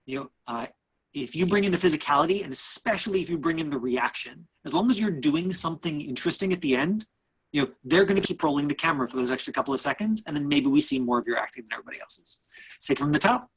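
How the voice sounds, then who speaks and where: The online acting teacher here has a husky, slightly high voice and an animated delivery, apparently speaking on a video call. He breaks off and restarts a lot, padding his coaching with fillers, and the recording is low quality.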